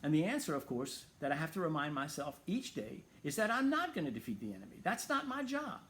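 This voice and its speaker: A man's voice: a little high, big pitch swings, brisk, a bit bright. A man hosting a Christian talk show, speaking earnestly and emphatically as he reasons aloud.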